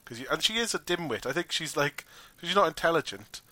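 A man casually discussing a film with a friend in a wry, animated way, swearing now and then. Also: fairly high pitch, fairly quick, dry recording. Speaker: podcast co-host.

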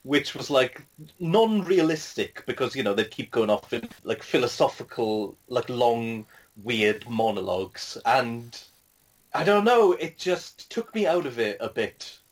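A man's voice: mid-range voice, lively intonation, measured pace. Man, casual film chat, hesitant, rambling, everyday voice. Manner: hesitant, rambling, many fillers. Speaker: podcast co-host.

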